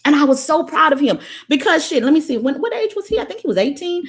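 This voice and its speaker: A woman's voice: sits high, sing-song, quick pace. A woman, hosting a livestream monologue, preachy, emphatic and full of profanity. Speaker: spiritual livestream host. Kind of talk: livestream monologue reading comments.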